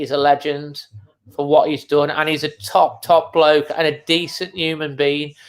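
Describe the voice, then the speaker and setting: A middle-aged man hosts a live football fan stream. His voice sits a little high and comes across bright and forward, but his pitch barely moves. He talks casually and emotionally, holding back tears and repeating phrases. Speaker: fan channel host. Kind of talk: live match watchalong commentary.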